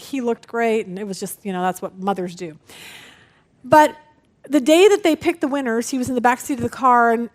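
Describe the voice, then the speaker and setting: A middle-aged woman with a high voice leads a Bible study lesson. She tells stories from her family life with lively expression and slips into the voices of the people in them.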